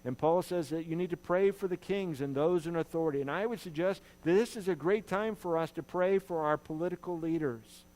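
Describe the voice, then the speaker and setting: A man's voice: fairly high pitch, fairly quick, few pauses, darkish tone, low-quality recording. Earnest male pastor preaching a sermon. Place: church.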